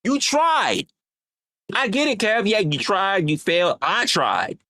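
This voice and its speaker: Livestream host, heated profane rant, repetitive scolding, lively swooping pitch, dry sound. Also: measured pace, dry recording.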